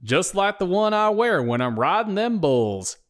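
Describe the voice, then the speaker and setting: Brief: narrator as a grinning cowboy spokesman, plain ad pitch. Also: big pitch swings, unhurried. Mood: cheerful. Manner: cheerful ad pitch. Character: smiling male bull-riding spokesman.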